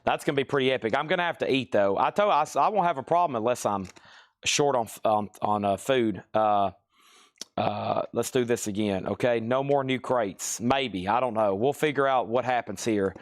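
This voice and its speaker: A man in his record store runs a live-stream sale, calling out titles and prices in a quick sales patter. His voice sits in a plain middle range and sounds tired and worn from hours of talking. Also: medium pitch. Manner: rapid auction-style calling of items and prices, chatty asides.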